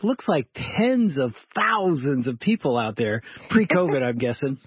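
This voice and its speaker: A man's voice: mid-range voice, very animated, measured pace. A man hosting a radio talk show, chatting casually and teasing his co-host with a setup question. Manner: casual, teasing, uses many "like" fillers. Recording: dull lo-fi radio studio sound.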